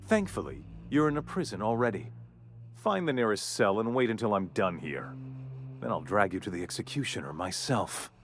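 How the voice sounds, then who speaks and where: A man's voice: on the low side, big pitch swings, normal speed, a little hiss or hum. An actor voicing a haughty, ruthless male corporate executive villain in a video game, speaking with contempt and menace. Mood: indignant.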